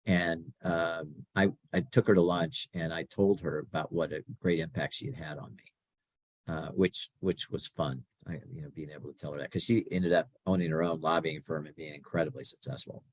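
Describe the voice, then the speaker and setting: A man's voice: very deep voice, normal speed, dry recording. Middle-aged man telling career stories. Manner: animated, acts out quoted dialogue. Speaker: podcast guest. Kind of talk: conversational storytelling.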